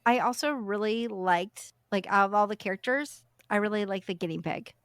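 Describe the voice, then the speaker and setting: A young woman co-hosting a book podcast, chatting casually and acting out characters in quick asides. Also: mid-range voice, clear, resonant tone, dry recording, studio quality. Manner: chatty, self-deprecating, acts out characters. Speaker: podcast co-host. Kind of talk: casual book review chat.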